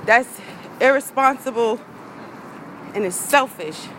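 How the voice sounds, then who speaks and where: A woman's voice: on the high side, takes it slowly, fairly bright tone, a little hiss or hum, low-quality recording. A woman, a vlogger in an angry rant to her viewers, heated, profane and repeating herself.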